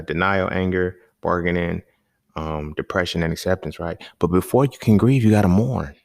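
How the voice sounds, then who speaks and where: Deep-voiced man, slangy casual monologue. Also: vocal fry, dry recording, studio quality. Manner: emphatic, slangy, repeats points. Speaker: podcast host.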